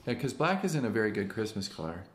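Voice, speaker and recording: A man's voice: on the low side, big pitch swings, fast talker, echoey room, a little hiss or hum. A man chatting patiently and encouragingly with his young daughter while they draw together at home. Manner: patient, gentle and encouraging, often soft-spoken. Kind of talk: casual chat with a small child. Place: home computer room.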